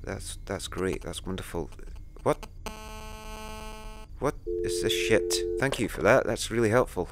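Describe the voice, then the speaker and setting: A man's voice: on the low side, animated, measured pace. A man giving let's play commentary on a horror game, jumpy and swearing as he talks to himself. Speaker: gamer.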